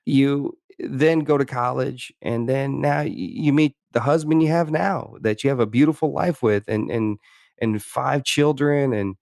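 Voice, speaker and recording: A man's voice: mid-range voice, measured pace, creaky, darkish tone, no room sound, clean studio sound. A man hosting a podcast, talking through personal stories in a thoughtful way, with many restarts and "you know"s. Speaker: podcast host. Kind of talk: reflective interview conversation.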